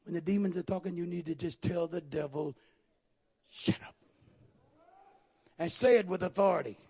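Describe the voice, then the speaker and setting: A man preaching a sermon as pastor, swinging from low murmurs to shouted exhortations with a gravelly, husky voice. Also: quick pace.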